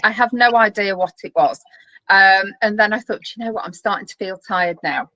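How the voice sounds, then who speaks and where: A woman's voice: mid-range voice, fairly quick, sharp tone, no room sound, highs cut off. A woman co-hosting a casual web show, chatting in a rambling way with plenty of fillers. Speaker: co-host.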